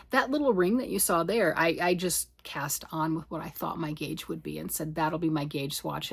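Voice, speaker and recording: A woman's voice: deep voice, gravelly, slightly rough, no echo. A woman hosting a knitting podcast, rambling and self-deprecating as she chats casually with her listeners. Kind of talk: casual chatty monologue.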